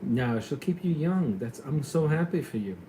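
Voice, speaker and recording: A middle-aged former police lieutenant from New York with a New York accent, chatting casually and telling stories in a lively way. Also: male voice, on the high side, moderate pace, slight background noise, rough recording. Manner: chatty storyteller, animated when retelling. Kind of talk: casual chat on a call.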